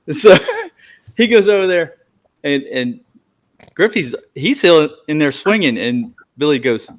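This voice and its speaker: A man in his middle pitch range tells a clubhouse story among friends. He laughs often and acts out what others said. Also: a little slow. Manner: animated, laughing, acts out quotes. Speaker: former pitcher telling a story.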